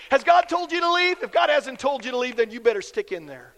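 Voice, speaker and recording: A man's voice: very high-pitched, big pitch swings, brisk, a bit bright. A man preaching a sermon as pastor, folksy and emphatic, repeating key lines for effect. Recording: long reverb of a big hall.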